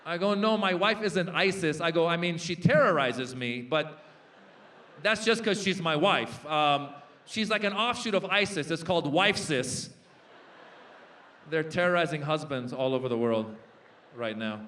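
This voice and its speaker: A man in his forties doing a stand-up comedy set on a festival stage, animated and jumping into impressions and shouted punchlines. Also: on the high side, measured pace, a little hiss or hum. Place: large festival stage before a live audience.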